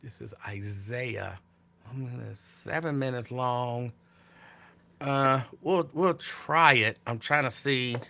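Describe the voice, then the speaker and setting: A man hosting a casual live talk show from home, reacting with animated disbelief to viewers' comments. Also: mid-range voice, slow, gravelly. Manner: animated, incredulous, talks back to viewers' comments. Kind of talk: casual live-stream chat.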